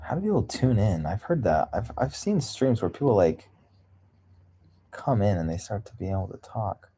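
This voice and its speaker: Husky low-voiced man chatting on a livestream. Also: big pitch swings, normal speed, mellow. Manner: candid, rambling, laughs often. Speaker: livestream host. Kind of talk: casual livestream chat.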